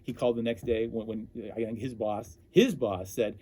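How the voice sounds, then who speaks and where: A man telling stories as an interview guest, animated and often breaking off to restart his sentences. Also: fairly low pitch, fairly quick, breathy edge. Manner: animated, self-interrupting storyteller. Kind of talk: casual storytelling.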